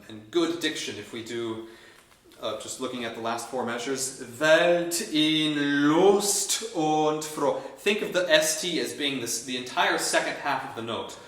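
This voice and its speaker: A man's voice: medium pitch, sharp tone. A man conducting a choir rehearsal, explaining the music with frequent ums and restarts. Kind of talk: teaching a choral rehearsal. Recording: very echoey room, distant mic, faint noise.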